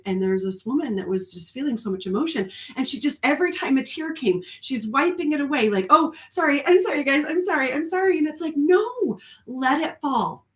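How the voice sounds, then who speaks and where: Spiritual coach woman, earnest and rambling, slightly high voice, live-stream talk in an echoey room. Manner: earnest, rambling, with frequent ums and laughs. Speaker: spiritual coach and card reader.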